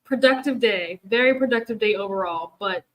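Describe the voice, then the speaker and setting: Speaking at a moderate pace in a mid-range voice, this weary young booktube host rambles through casual chat with her livestream viewers during a reading sprint. She laughs often and leans on plenty of filler words, and the audio is poor.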